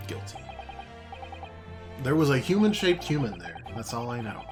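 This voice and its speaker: A let's play host, a man, reads courtroom game dialogue aloud with a lively, bouncing pitch, tossing in dry sarcastic jokes between lines. He slides into hammy, theatrical put-on voices for the characters while game music plays underneath. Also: moderate pace, pauses often. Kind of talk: reading game dialogue aloud with wry commentary.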